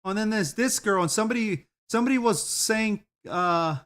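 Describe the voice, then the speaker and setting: A man with a slightly high voice chats on a stream while he browses videos. He giggles often and rambles in a loose, profane way. His talk comes in casual bursts. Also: normal speed, fairly bright tone. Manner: giggly, laughs often at what he watches.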